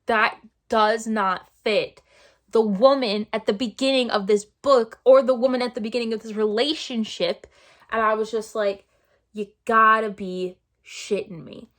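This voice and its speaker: A woman's voice: fairly high pitch, fairly even intonation, normal speed. A woman vlogging a casual book review, exasperated and sarcastic, repeating herself for emphasis.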